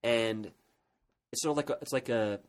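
Heard through poor audio, a man with a medium-pitched voice speaks at a normal speed. He co-hosts a laid-back podcast, enthusiastically retelling comic book history in a rambling way full of restarts.

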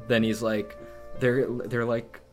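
A man's voice: medium pitch, flat delivery, slow pace, over music. A man co-hosting a podcast in casual chat, rambling through his points with lots of restarts. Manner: rambling, many fillers and restarts. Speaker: podcast co-host.

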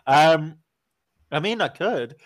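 A man's voice: a little high, lively intonation, slow, no echo. A man co-hosting a casual podcast from his desk at home, playful and giggly, teasing and rambling. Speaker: podcast co-host. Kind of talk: casual chat.

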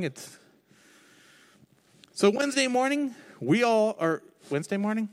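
Male pastor, high voice, candid storyteller, conversational sermon. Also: brisk. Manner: candid storytelling with a lively, expressive delivery. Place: on stage before a congregation.

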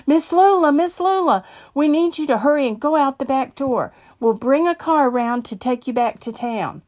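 A woman's voice: sits high, animated, normal speed, a little mellow, voice pushed up. A woman voicing a frightened pastor urgently pleading. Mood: alarmed.

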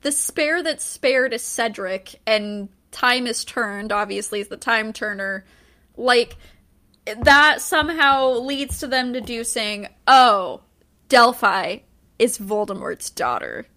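Woman, bright clear voice, high-pitched, animated casual book chat. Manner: animated retelling with quick character voices. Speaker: podcast co-host.

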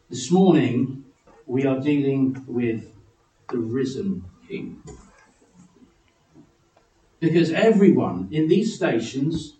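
A man preaching a sermon in a church, animated, acting out figures from the story in high excited voices. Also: echoey room, distant mic, rough recording.

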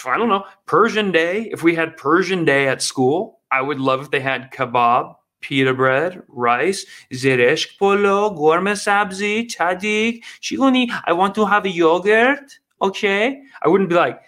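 A man's voice: high-pitched, unhurried, hardly any pauses, fairly bright tone. A man hosting an online commentary show, reacting to news clips in a sarcastic, emphatic way and talking straight to his viewers.

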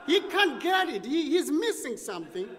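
A male preacher with a very high voice tells a story in an animated, dramatic way, his pitch leaping and dropping. A long reverb trails each phrase, as in a large church sanctuary. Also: normal speed. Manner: animated, dramatic storytelling with sudden drops and rises. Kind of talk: sermon storytelling.

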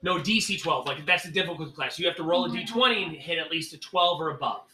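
Bright-voiced man running a tabletop game. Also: a little high, animated, fast talker. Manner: casual, swearing, explains rules patiently. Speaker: game master. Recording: echoey room with faint noise.

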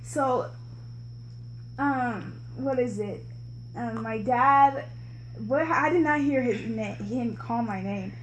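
A woman's voice: a little high, slow, pauses often, slight background noise, low-quality recording. Chatty young woman cutting in. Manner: chatty, interrupts, tells a story with slang. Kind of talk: casual chat.

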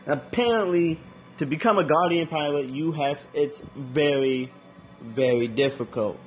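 Casual male reviewer, higher-pitched, slangy and excitable, light music bed. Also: measured pace. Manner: loose slangy talk, frequent restarts, animated. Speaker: anime reviewer.

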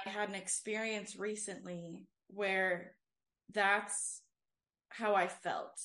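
Slowly and steadily, a young woman recounts a personal testimony on the faith podcast she co-hosts, her medium-pitched voice sounding pushed and bright. She's also a worship leader, and her earnest, rambling delivery is full of "um" and repeated "like."

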